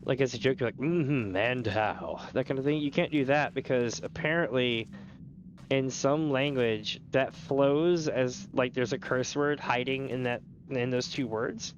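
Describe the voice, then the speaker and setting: Guy rambling to his stream chat, mid-pitched, swears a lot, kinda muffled mic. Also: steady tone, moderate pace, slight background noise. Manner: rambling, chatty, swears freely. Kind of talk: casual gaming stream chat.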